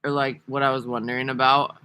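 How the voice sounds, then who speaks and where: A man's voice: mid-range voice, flat delivery, fast, bright, forceful tone, clear, resonant tone. A man talking casually to camera in a rambling, profane, sarcastic vlog monologue. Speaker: vlogger.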